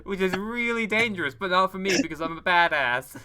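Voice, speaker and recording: A man's voice: high voice, expressive, brisk, sharp tone. A man recapping a tabletop role-playing session in a rambling, joking way, laughing often as he goes. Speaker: player recapping the story. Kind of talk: casual tabletop game recap.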